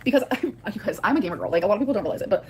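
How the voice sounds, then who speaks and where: A woman's voice: mid-range voice, lively intonation, very fast, darkish tone, a little hiss or hum. A young woman vlogging to her viewers, chatty and rambling, filling her speech with "like" while she does her makeup. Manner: chatty, rambling, heavy use of "like". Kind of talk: casual vlog talking to viewers.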